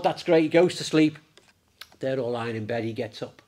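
A man preaching a sermon in church, lively and conversational, raising his voice when he acts out the disciples. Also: mid-range voice, normal speed. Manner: animated, acts out the disciples in a raised voice.

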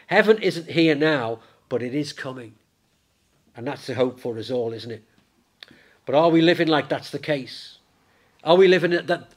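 A man preaching a sermon in church, lively and conversational, raising his voice when he acts out the disciples. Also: a little high. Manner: animated, acts out the disciples in a raised voice.

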